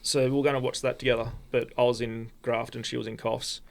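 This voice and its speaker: An Australian man, a podcast guest, telling a personal story in a halting, rambling way with many restarts. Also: medium pitch, flat delivery, creaky. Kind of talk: casual storytelling.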